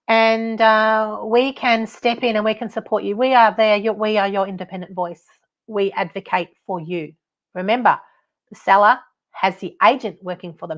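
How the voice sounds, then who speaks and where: A woman's voice: mid-range voice, a bit bright, highs cut off. A woman with an Australian accent hosting her own podcast as a buyer's advocate, talking in a blunt, chatty way and laughing at her own stories. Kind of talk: casual solo podcast talk.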